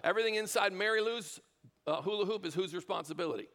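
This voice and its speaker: A man's voice: high-pitched, quick pace, sharp tone. A man giving a motivational talk to a live audience in a large room, speaking into a handheld mic with punchy rhetorical questions. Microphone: handheld microphone.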